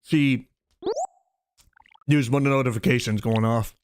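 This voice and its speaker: A man's voice: mid-range voice, steady tone, slow pace, a little hiss or hum. A man streaming a video game, chatting casually in voice chat and grumbling about system updates. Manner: rambling, restarts, grumbles at updates. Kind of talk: casual chat while gaming.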